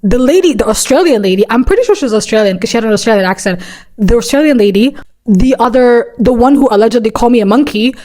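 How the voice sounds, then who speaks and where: A woman's voice: a little high, animated, fast, warm tone. A young woman telling a storytime vlog in a rambling, chatty way, full of "like" and "right?", dramatic and swearing often. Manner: profane, dramatic. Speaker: vlogger.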